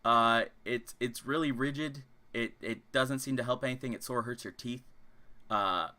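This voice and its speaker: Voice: medium pitch, normal speed, sharp tone. A game master narrating a tabletop role-playing game in a casual, rambling way with many fillers.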